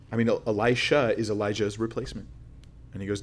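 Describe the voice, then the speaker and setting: A male preacher with a fairly low voice delivers a sermon. He reads scripture aloud and then unpacks it in an earnest, conversational tone, with casual asides and restarts along the way. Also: fairly even intonation, fast talker, slight background noise. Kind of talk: sermon, reading and explaining scripture.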